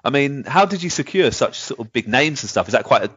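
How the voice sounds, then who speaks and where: Enthusiastic podcast host. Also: male voice, medium pitch, very animated, fast, fairly bright tone, slightly rough, dry recording, lo-fi sound. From England. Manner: enthusiastic, chatty. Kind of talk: casual interview questions.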